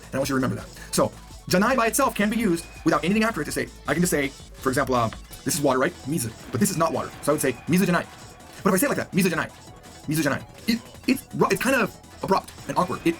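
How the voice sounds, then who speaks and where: A man gives a recorded language lesson at a rapid clip, his somewhat high voice rising and falling with plenty of life. He keeps it playful and acts out the example lines he explains. The tone stays that of a teacher on video. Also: a bit bright.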